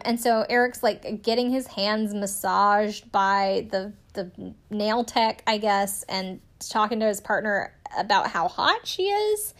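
A woman talks through a TV show recap in a loose, chatty way, full of fillers and asides. She gets openly indignant and swears freely. Her voice sits at an ordinary middle pitch. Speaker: recap commentator. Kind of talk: casual spoken recap of a TV show.

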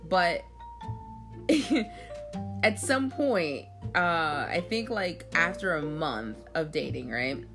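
A young adult woman telling a personal story in a casual, self-mocking way, full of "like" and "um" and quick laughs. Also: fairly low pitch, expressive. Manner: chatty and self-mocking, many likes and ums, frequent laughs. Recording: music clearly behind.

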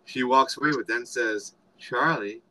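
A man's voice: medium pitch, normal speed, pushed and bright, slight background noise, low-quality recording. A man co-hosting a podcast, casually retelling movie scenes in a rambling way with lots of fillers. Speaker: podcast co-host. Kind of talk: casual movie review chat.

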